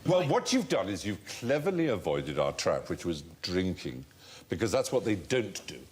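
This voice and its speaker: A man hosting a comedy quiz show, telling an anecdote with animated relish. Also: sits low, normal speed. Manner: animated storyteller, relishing the tale.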